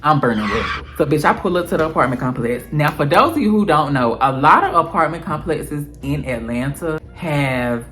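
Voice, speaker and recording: A woman tells a story straight to camera, her voice sitting very low while it swings up and down with lively energy. She talks in a slangy, animated way, with faint music playing underneath. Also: normal speed. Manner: animated, slangy, addresses viewers as girl and honey. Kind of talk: casual storytime monologue.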